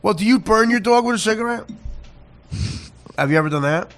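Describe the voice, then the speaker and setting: A man hosting a comedy podcast, teasing his guests and breaking into shouted impressions. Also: high-pitched, animated, fairly quick, soft background music. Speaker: podcast host.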